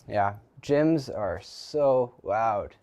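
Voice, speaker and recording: A man's voice: lowish voice, expressive, extremely slow, darkish tone. A teenage boy chatting casually on a live stream from his garage, rambling with lots of ums and restarts. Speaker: livestreamer. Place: home garage.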